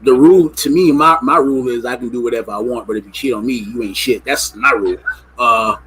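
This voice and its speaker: A man's voice: medium pitch, fairly quick, a bit bright, breathy edge, rough recording. A man co-hosting a casual radio talk show, brash and joking, swearing freely.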